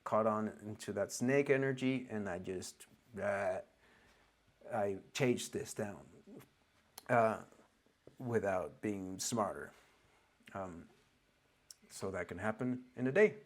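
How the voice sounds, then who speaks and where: A man speaks with an Oregonian accent, English being a language he learned later. His voice sits a bit low and he talks unhurriedly. He pauses and restarts as he searches for words in a loose teaching talk. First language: not English. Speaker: spiritual teacher. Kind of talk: loose spoken lesson.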